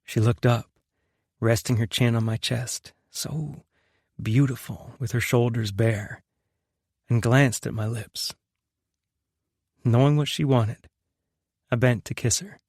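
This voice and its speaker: A young man narrating a romance audiobook in the first person, in a soft, unhurried, intimate way. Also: medium pitch, fairly even intonation, no echo, studio quality.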